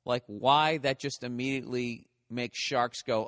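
A man's voice: medium pitch, steady tone, unhurried, few pauses, fairly bright tone, long reverb tail. A man hosting a solo comedy podcast, talking in a rambling, profane, ranting way.

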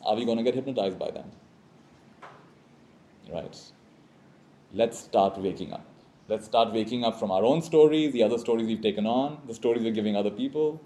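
A man giving a reflective spiritual talk to a live audience, leading call-and-response lines and often checking in with a quick "right?". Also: medium pitch, dark tone. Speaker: spiritual teacher.

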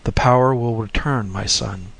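A man voicing a calm, gentle sage who speaks softly and reassuringly in a storybook reading. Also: on the low side, slightly rough, dry recording. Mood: serene. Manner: soft, unhurried, reassuring.

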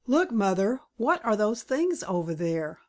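A woman's voice: mid-range voice, big pitch swings, unhurried. A woman reading the part of an eager, curious pioneer boy in an audiobook.

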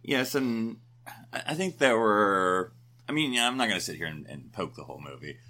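A man's voice: lowish voice, lively intonation, normal speed, pushed and bright. A man in his forties, co-hosting a podcast in casual chat, rambling and correcting himself as he goes. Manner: rambling, self-correcting, chatty. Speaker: podcast co-host.

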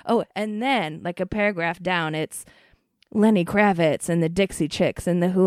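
Excitable, cursing woman, dry close sound. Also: fairly low pitch, moderate pace, no echo. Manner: gushing, excitable, profane, lots of fillers. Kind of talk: casual chat.

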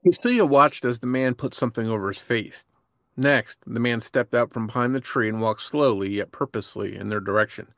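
Gravelly man reading true crime. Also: medium pitch, a bit bright, dry recording, clean studio sound. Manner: measured, reads from a script. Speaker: podcast co-host. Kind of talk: scripted true-crime narration.

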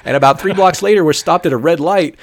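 Excitable rambling man on a podcast. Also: fairly high pitch, fast talker, dry recording. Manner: rambling, excitable, many fillers. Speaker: podcast co-host. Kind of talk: casual chat, storytelling.

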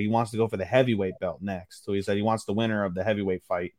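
A man's voice: lowish voice, steady tone, no room sound. A man co-hosting a podcast, telling stories in a rambling, profane way. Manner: rambling, profane, fast storytelling. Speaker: podcast co-host. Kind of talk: casual chat.

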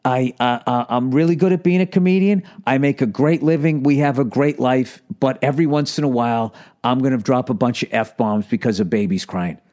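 A middle-aged comedian telling a story in a loose, rambling monologue. He swears constantly, mocks himself, and breaks into animated rants, all in a mellow, dark-toned voice. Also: medium pitch, a little fast, hardly any pauses. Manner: profane, self-deprecating, animated ranting. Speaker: comedian podcast host.

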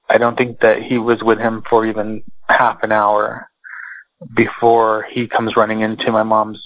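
Man telling a family story slowly. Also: on the low side, gravelly, a bit bright, no echo, rough recording. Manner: slow, measured, halting with fillers. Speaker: interview guest. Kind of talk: personal storytelling.

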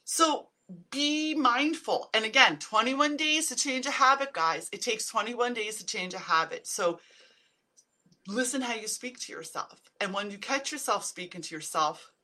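Woman livestream host, bright tone, casual chatty advice, middle-aged. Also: fairly high pitch, animated, moderate pace. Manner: chatty, direct, addresses viewers as guys. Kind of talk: casual live-stream advice talk.

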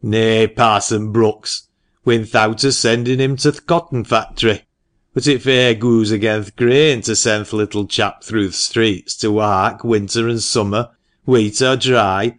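A man voicing a humble, careworn old male tradesman with a Lancashire dialect, talking slowly and earnestly in an audiobook. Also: on the low side, fairly even intonation, lightly acted. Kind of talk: audiobook character reading.

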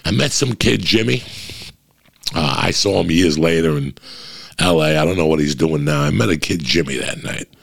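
A man's voice: extremely low pitch, normal speed, gravelly, fairly bright tone. A male comedian from New Jersey telling a long, profane anecdote in casual chat, rambling with many restarts.

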